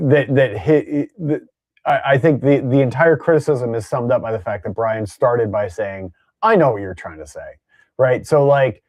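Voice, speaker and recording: A mid-pitched man co-hosts a joking group chat, teasing his friend in a halting way full of fillers and restarts. His voice is dry and close, with no room sound. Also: darkish tone, no echo. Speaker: co-host. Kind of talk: casual podcast banter.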